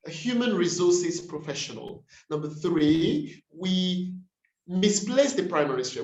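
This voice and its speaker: A man leading a pronunciation workshop on a video call, saying each word slowly and repeating it to model the stress. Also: sits high, lively intonation, roomy sound, poor audio. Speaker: workshop facilitator. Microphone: computer mic on a video call.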